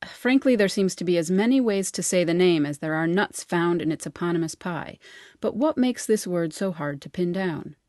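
A woman with an American accent, a linguist and editor, giving a measured, scripted explainer narration. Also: on the low side, expressive, a little mellow, no echo, studio quality.

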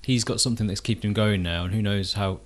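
A man's voice: on the low side, steady tone, fast. A man co-hosting a podcast in casual chat, laid-back and a bit hesitant, laughing easily. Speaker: podcast co-host.

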